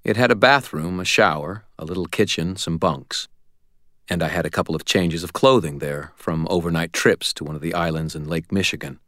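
A man reading a first-person audiobook in an even, understated manner. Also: deep voice, fairly quick, no room sound, studio quality. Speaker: audiobook narrator.

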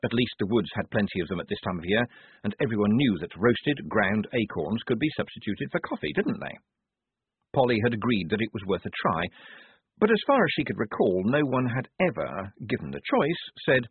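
A man narrating a novel in expressive storytelling style. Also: on the low side, fairly quick, husky, no echo. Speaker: audiobook narrator. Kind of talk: scripted narration. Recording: tinny phone-like sound, dry.

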